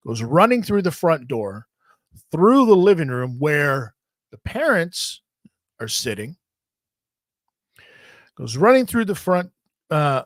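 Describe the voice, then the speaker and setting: A man hosting a podcast, telling a long story in a rambling, profane, animated way. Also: a little high, no room sound. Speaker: podcast host. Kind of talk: casual storytelling.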